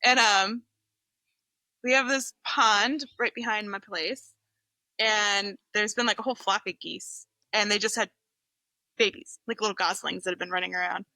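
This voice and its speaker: Bright woman telling a story. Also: mid-range voice, normal speed, no echo. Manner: expressive storyteller, laughs easily. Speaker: guest, journalist. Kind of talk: casual podcast chat.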